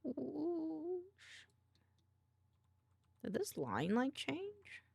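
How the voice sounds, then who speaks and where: A woman's voice: fairly low pitch, huge pitch swings, slow, creaky, no room sound. A woman streamer chatting casually while she draws, murmuring half to herself and making little sound effects.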